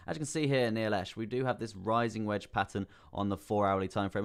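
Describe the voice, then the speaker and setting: A man with a very low voice hosts a live crypto stream. He walks through price charts in a loose, chatty way, repeats his points and keeps calling the viewers bro. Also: brisk, few pauses, smooth. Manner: casual, repeats phrases, calls viewers bro. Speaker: crypto livestream host. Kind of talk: live chart analysis, reading chat.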